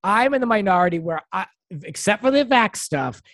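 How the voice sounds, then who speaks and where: A podcast co-host chatting casually and giving opinions with quick asides. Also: mid-range voice, lively intonation, a bit bright, no echo. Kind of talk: casual chat recapping reality TV.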